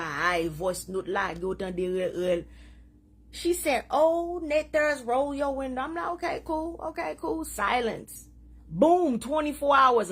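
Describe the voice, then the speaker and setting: A woman hosting a casual live stream, talking in an animated way, laughing often and mixing in Creole phrases. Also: a little high, slightly rough. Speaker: social media live host.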